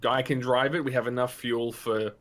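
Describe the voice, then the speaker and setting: A man playing a character in a casual tabletop role-playing game, chatty and quick with asides. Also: mid-range voice, steady tone, fairly bright tone. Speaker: player.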